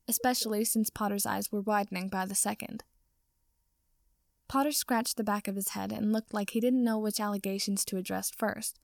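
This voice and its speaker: A woman reading a fan fiction story aloud in a steady storytelling manner. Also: mid-range voice, fairly quick, gravelly, no room sound, studio quality. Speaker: reader.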